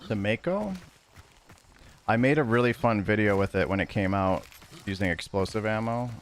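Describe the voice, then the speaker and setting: A man's voice: on the low side, lively intonation, moderate pace, slight background noise. A man streaming a video game, chatting casually with his viewers in a loose, rambling way that corrects itself as it goes.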